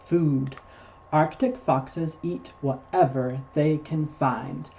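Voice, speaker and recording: A man's voice: fairly high pitch, fairly even intonation, slow, vocal fry, dark tone, muffled recording, a little hiss or hum. A man hosting a children's storytime, reading picture books aloud and patiently explaining words for small children. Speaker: storytime host reading to preschoolers.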